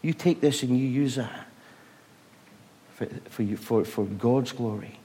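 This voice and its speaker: A man preaching a sermon, retelling stories with rhetorical questions, moving between loud bursts and hushed moments. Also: medium pitch, a little slow.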